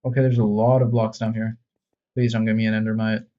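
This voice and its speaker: A man's voice: on the low side, little pitch movement, brisk. Self-mocking man in lo-fi gameplay commentary. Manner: joking, self-mocking, rambling. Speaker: gaming video creator.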